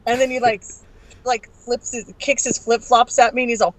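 Give me a woman podcast guest telling a story, brash and profane, animated. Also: a little high, moderate pace, poor audio. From Arizona.

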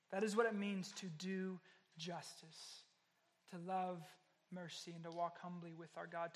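A man with a notably high voice delivers a sermon as a pastor. He explains his points earnestly and carefully, sometimes restarting a phrase. His delivery has the feel of a teaching session.

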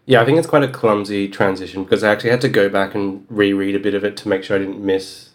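A man co-hosting a book podcast, his voice sitting fairly low. He walks through the plot in careful detail and adds dry, wry asides. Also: steady tone, fast. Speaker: podcast co-host. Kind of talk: casual chat about a novel.

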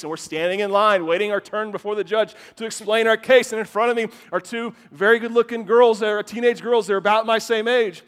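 High-voiced preacher in a reverberant hall. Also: male voice, fairly quick. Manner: animated, repeats words at the start of phrases. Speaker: pastor. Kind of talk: sermon with personal storytelling. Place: church sanctuary with a congregation.

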